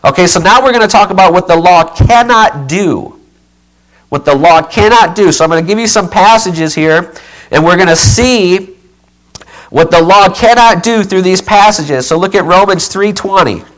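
A man delivering a Bible teaching sermon in a fairly high voice. He drives each point home with emphatic repetition and keeps checking in with his listeners. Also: normal speed, poor audio. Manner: emphatic, repeats key phrases, checks in with okay; says he keeps yelling. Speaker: preacher.

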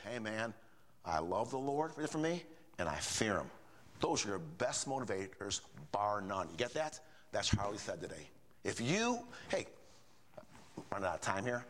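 A man's voice: fairly low pitch, very animated, normal speed, a bit bright. An older man preaching a sermon in a folksy, repetitive way, often asking the congregation rhetorical questions. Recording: reverberant hall.

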